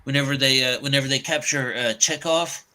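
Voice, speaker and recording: Bright-voiced man recalling a film scene. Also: mid-range voice, steady tone, brisk. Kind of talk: casual chat.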